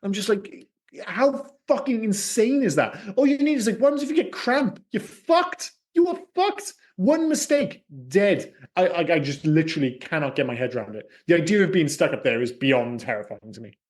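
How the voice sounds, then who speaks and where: A man chats about films on a casual podcast, his voice sitting fairly high. He gets animated and sweary, and his pitch shoots up when something excites him. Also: quick pace, hardly any pauses. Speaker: podcast co-host. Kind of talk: casual film podcast chat.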